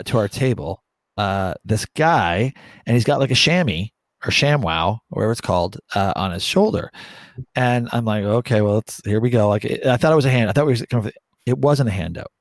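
A man from Bermuda co-hosting a podcast, telling a story in casual chat, animated and joking, with the odd swear for laughs. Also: fairly low pitch, vocal fry, no room sound. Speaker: podcast co-host.

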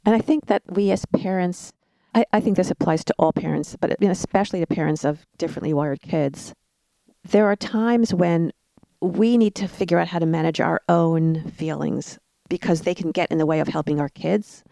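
Low, gravelly-voiced woman telling stories. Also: normal speed, no room sound. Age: middle-aged. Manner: warm storytelling with laughs. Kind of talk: casual chat about parenting.

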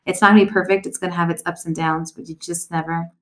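Fast-talking encouraging woman, echoey room. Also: fairly low pitch, flat delivery. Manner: encouraging, talks in long flowing runs. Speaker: podcast co-host. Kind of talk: casual chat. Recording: roomy echo.

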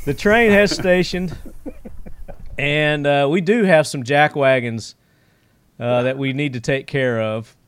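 A man's voice: a little high, takes it slowly, long pauses, clean tone, dry recording. A man hosting a casual podcast, telling stories in a rambling way with lots of fillers and frequent chuckles. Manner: rambling storyteller, many fillers, chuckles often. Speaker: podcast host.

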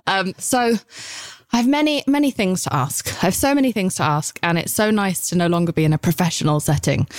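A woman hosting her podcast, playful, laughing often and leaping up in pitch. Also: fairly quick, dry recording. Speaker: podcast host. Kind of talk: casual podcast conversation.

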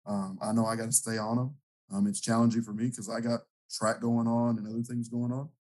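A man who coaches high school football, talking casually in a podcast interview with lots of fillers. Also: a little fast, a little hiss or hum, poor audio. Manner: relaxed, rambling coach talk with fillers.

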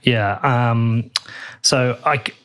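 A man's voice: medium pitch, slow, fairly bright tone. A man in his forties hosting a casual podcast interview, chatty and joking, with the odd swear word. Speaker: podcast host.

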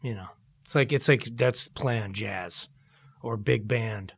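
A middle-aged man, a rock musician, talking casually in an interview, animated and profane. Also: fairly low pitch, measured pace, vocal fry. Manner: animated, profane, jumps into loud mock voices.

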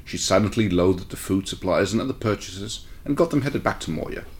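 A man reading a fan fiction story aloud in a relaxed way, with short asides to his co-reader. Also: deep voice, fairly quick. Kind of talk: casual read-aloud narration.

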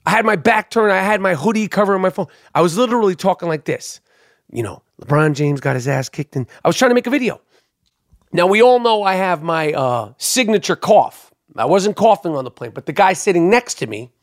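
A man hosting a podcast, rambling through a story with plenty of swearing and worked-up asides. His voice sits a little high for a man. It comes across dry and close on the microphone. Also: dry recording. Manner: rambling, profane, excitable storytelling. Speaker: podcast host. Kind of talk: casual storytelling monologue.

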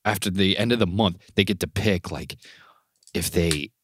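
A man co-hosting a podcast in casual chat, an animated storyteller who swears a lot and acts out what people said. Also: low voice, moderate pace, a little hiss or hum. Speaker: podcast co-host.

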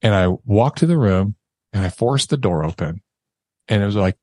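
A man's voice: on the low side, lively intonation, moderate pace, a little mellow, no echo. A man in his thirties, a podcast guest, telling a harrowing personal story with emotion and acting out the voices of others. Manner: emotional, acts out quoted voices, laughs nervously.

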